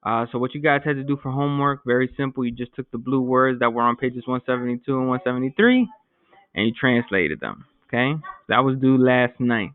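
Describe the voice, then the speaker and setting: A man's voice: medium pitch, a little fast, clear, resonant tone, no echo. A man teaching a beginner Spanish class in a casual, joking way, explaining each step. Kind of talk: recorded remote language lesson. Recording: dry, phone-like lo-fi sound.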